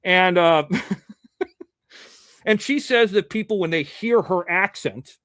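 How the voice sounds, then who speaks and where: A man's voice: high voice, takes it slowly, fairly bright tone, no echo, clean studio sound. A man hosting a live show, chatting casually, rambling and joking as he greets viewers. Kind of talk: casual live-stream chat.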